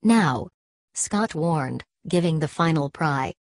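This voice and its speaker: A woman narrating a novel aloud in a steady, measured reading. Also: deep voice. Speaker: audiobook narrator. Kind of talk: scripted narration.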